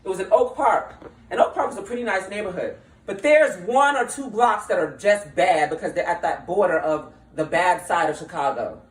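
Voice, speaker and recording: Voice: mid-range voice, normal speed. A speaker giving an impassioned, conversational speech, slangy and laughing often while talking. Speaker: political speaker. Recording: roomy, distant mic, faint ambience.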